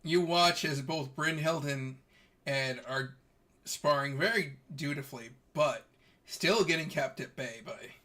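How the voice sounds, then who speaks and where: Man narrating as game master, slightly high voice. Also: unhurried, pushed and bright. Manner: casual, laughing narration.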